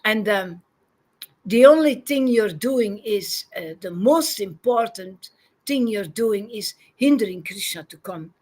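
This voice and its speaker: A woman's voice: mid-range voice, animated, takes it slowly, a little mellow, slightly rough. A woman giving an informal devotional talk as a spiritual teacher, reflective and often laughing.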